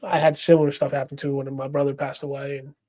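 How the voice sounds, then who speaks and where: A man hosting a podcast from a shed, chatting in a relaxed way with short replies and laughs. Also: mid-range voice, fast. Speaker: podcast host. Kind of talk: casual chat.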